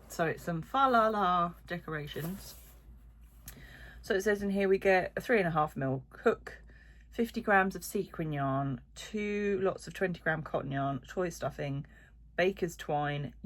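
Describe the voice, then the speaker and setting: A woman chatting casually as she unboxes yarn on her crochet vlog, rambling with lots of little asides. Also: deep voice. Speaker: crochet vlogger. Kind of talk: casual chat while unboxing.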